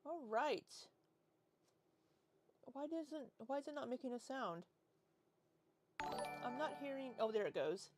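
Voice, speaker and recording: Slow-talking woman streamer in her forties. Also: high-pitched, lively intonation, darkish tone, faint music behind. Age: 40s. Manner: rambling, reads chat aloud and answers. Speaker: livestream host. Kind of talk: casual livestream chat.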